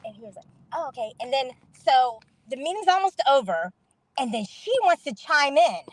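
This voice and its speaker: A woman's voice: sits high, normal speed, no echo, poor audio. A middle-aged woman telling an indignant story to camera in a casual vlog, acting out the voices of the people in it. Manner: animated, indignant, acts out quoted voices.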